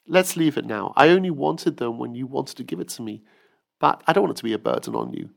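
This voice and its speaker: A man voicing a gentle young mother who speaks softly, kindly and coaxingly. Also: mid-range voice, sing-song, fast talker, gravelly, voice pushed up. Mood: soothing. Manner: soft, kind and coaxing.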